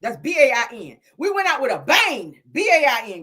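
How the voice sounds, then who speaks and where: A woman's voice: high-pitched, very animated, normal speed, few pauses, fairly bright tone, slightly rough. A woman hosting a gossip show in a casual comedic monologue, sassy and melodramatic, forever calling her listeners child, honey and girl. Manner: melodramatic, calling on the Lord and Jesus. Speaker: host of a celebrity gossip show.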